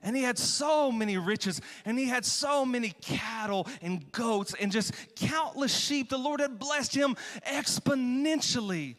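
A man voicing a stern biblical prophet who tells a parable and then gravely confronts a king. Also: extremely high pitch, lively intonation, unhurried, hardly any pauses, fairly bright tone, big-room sound, exaggerated voice. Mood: storytelling.

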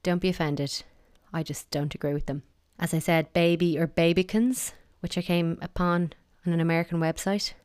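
A woman's voice: fairly low pitch, steady tone, normal speed, few pauses, a little mellow, clean tone, no room sound, clean studio sound. An Irish woman talking casually and wryly, giving her opinions in a chatty monologue.

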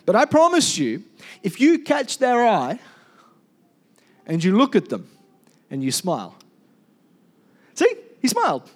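A man preaching a sermon as pastor, animated and calling on the congregation to respond. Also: high voice, a little slow, long pauses.

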